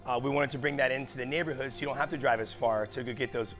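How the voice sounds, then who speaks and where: A man's voice: mid-range voice, fairly even intonation, very fast, over music. A man chef speaking enthusiastically in an interview about his cooking and community. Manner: enthusiastic, friendly. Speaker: restaurant chef. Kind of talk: casual interview.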